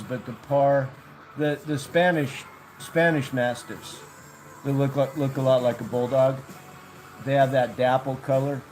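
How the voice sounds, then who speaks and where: A man with a fairly high, easygoing voice chats on a casual livestream. He talks in a relaxed, unhurried way to his dogs and to viewers in the chat. Faint music plays softly in the background. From United States. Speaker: vlogger.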